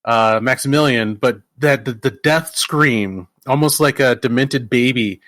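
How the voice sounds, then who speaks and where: A man's voice: mid-range voice, a little slow, a bit bright, dry recording. A man in a middle register stumbles through restarts while he talks about a film, swearing easily as he goes. He is recorded close and dry. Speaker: podcast co-host. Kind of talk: casual movie discussion.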